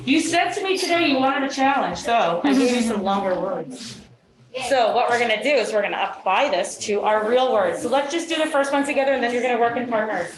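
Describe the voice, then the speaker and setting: Brisk and animated, her fairly high voice carries an upbeat, encouraging tone as she teaches phonics to young students. The recording has the echo and crowd noise of a classroom, with children audible in the background.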